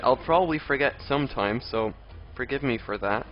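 A young man talks his way through a live game stream, chatting to viewers and snapping at the enemies in exasperation. His voice sits at an ordinary middle pitch. The audio is dull and lo-fi, with faint game music underneath. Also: fairly quick. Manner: chatty, reads out and answers chat, exasperated outbursts at enemies. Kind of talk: live gameplay commentary.

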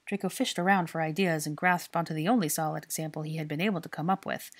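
A woman reading fan fiction aloud in a steady storytelling manner. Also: deep voice, fairly quick, few pauses. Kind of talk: scripted narration.

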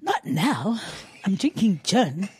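Woman guest, lively storyteller, medium pitch, casual chat. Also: slow, noisy background. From South Africa. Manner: chatty, expressive, acts out quotes. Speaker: podcast guest.

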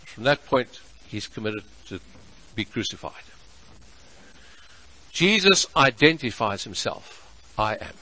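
A man preaching a sermon as pastor, measured and emphatic, stretching out his key words. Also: lowish voice, big pitch swings, bright, forceful tone, poor audio. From South Africa.

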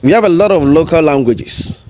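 A Ghanaian TV commentator speaks at normal speed in a fairly high voice whose intonation swings lively up and down. He fires off rhetorical question after rhetorical question in openly emotional, impassioned commentary. The audio is dull, with background noise.

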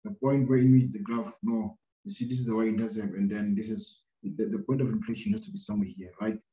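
A man with a low, mellow voice works through a maths problem for his students. He thinks aloud, full of ums and repeated "right?" checks. The recording is dull and lo-fi, in a roomy space. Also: steady tone, fast. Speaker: maths teacher. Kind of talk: screen-recorded maths lesson.

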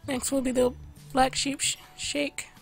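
A woman's voice: sits high, level tone, a little slow, gravelly. A woman giving casual let's-play commentary, chatting to game customers as she fills their orders, her voice a little worn. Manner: chatty, reads out orders to customers while playing. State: losing her voice. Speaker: gameplay video host. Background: game music.

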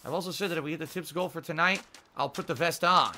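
A man hosting his own livestream in casual chat, animated and talkative, jumping from loud outbursts to low grumbles. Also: fast, slight background noise. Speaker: livestream host.

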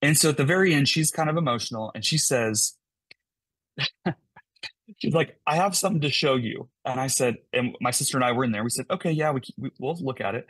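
Fast-talking man telling an emotional story. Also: mid-range voice, husky, no room sound. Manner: fast-talking, animated, repeats words. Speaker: podcast guest.

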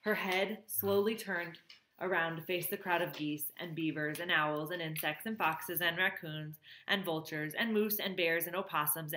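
Woman, slightly low voice, reads a children's book with feeling, echoey room. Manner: expressive, warmly emotional reading. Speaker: reader. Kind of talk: reading a children's novel aloud. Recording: roomy echo.

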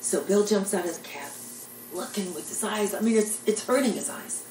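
A woman's voice: medium pitch, lively intonation, normal speed, a little mellow, roomy sound, recorded from a distance, a little hiss or hum, low-quality recording. An older woman telling jokes and rambling stories in a chatty, self-deprecating way. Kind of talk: casual storytelling monologue.

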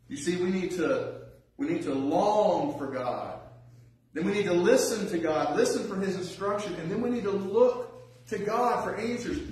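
In a church sanctuary, a man reads scripture aloud during a sermon, then urges his listeners on with earnest, rising emphasis. His voice is on the high side with a darkish tone, captured by a distant mic in a very echoey hall.

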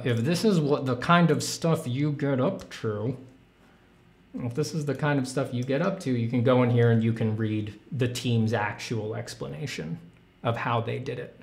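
A man's voice: medium pitch, darkish tone. A man hosting his art channel in casual livestream chat, rambling enthusiastically with many fillers. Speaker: artist and channel host.

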